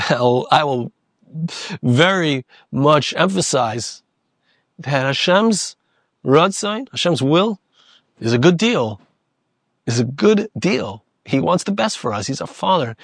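A man delivers an earnest Torah lecture in a fairly high voice, repeating phrases to drive each point home. Hebrew terms run through his plain talk, and the recording is dry and close. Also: dry recording. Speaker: Torah teacher.

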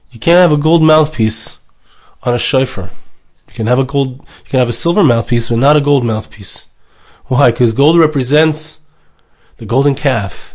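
A man speaking as a rabbi, delivering an emotional sermon, emphatic and repetitive, with Hebrew terms woven in. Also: medium pitch.

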